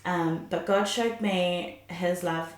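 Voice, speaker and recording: A woman sharing her faith story in an earnest, animated way, sometimes laughing. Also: lowish voice, slow pace. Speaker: guest. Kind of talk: emotional faith testimony chat. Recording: roomy echo.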